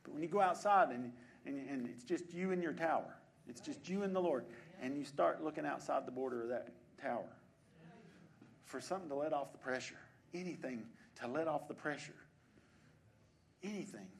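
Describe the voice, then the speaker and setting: Man, preacher, sermon in a church, high voice, repeats phrases, rhetorical questions. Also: normal speed, gravelly. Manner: repetitive, soft then building, rhetorical questions.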